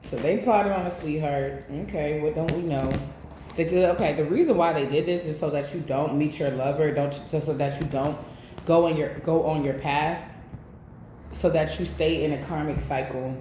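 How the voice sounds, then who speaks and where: A woman's voice: deep voice, moderate pace, dark tone, a little hiss or hum. Blunt, swearing woman reading tarot. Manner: blunt, profane, talks straight to the viewer. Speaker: tarot reader. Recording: echoey room.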